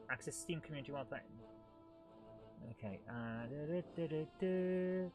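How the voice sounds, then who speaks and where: A man's voice: medium pitch, unhurried, faint music behind. A man hosting a live gameplay stream, talking in an exasperated, grumbling way as things go wrong.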